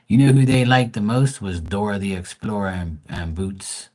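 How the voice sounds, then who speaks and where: Male tarot streamer, fairly low voice, blunt and foul-mouthed, casual chat with viewers. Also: moderate pace, a little mellow. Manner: blunt, profane, greets chat viewers by name. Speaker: livestream tarot reader.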